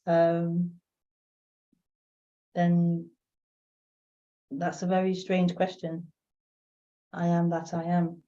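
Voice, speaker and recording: A woman's voice: on the low side, takes it slowly, pauses often, dark tone. A woman hosting a live spiritual talk stream, musing aloud and answering chat questions with repeated phrases and many fillers. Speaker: host of a live spiritual broadcast. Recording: dull lo-fi stream audio.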